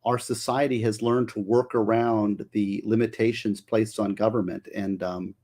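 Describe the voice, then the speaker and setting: A man's voice: lowish voice, level tone, normal speed, a little mellow. Talkative male lawyer guest. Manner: talkative, opinionated, jokey. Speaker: public defender guest. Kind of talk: casual livestream chat.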